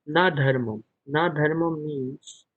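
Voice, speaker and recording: A man's voice: a little high, slow, no room sound, narrow, tinny audio. A man teaching a scripture class over a video call, explaining verses word by word and chanting Sanskrit lines. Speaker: spiritual teacher.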